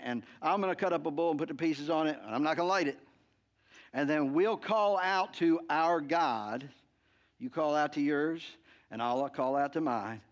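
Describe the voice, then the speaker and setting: A man preaching a sermon, telling a story in an animated way and acting out the quotes, often adding "right?" and restarting words. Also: on the high side. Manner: frequent "right?" asides and repeated word restarts. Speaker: pastor.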